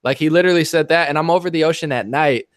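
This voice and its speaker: A man's voice: fairly high pitch, rapid-fire, no echo. Podcast host, male, casual rambling storyteller with a joking edge; dry, close sound. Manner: rambling and jokey. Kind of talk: casual chat.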